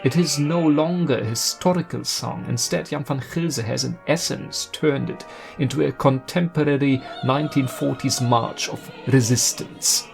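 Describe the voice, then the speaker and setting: Gravelly-voiced man narrating about opera. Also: medium pitch, soft background music. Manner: earnest, admiring, measured. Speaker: video essayist.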